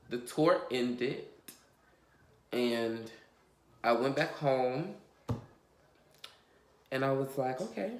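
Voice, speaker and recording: A man talks straight to the camera in a confessional storytime, rambling and emotional, with plenty of fillers and swearing. His voice sits at an ordinary middle pitch. The room around him sounds roomy and echoey. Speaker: vlogger. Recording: roomy echo.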